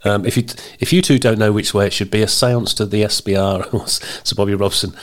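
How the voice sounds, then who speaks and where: A man's voice: on the low side, steady tone, quick pace. A man in his fifties hosting a football podcast, chatty and teasing, often chuckling while reading listener messages. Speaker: podcast host.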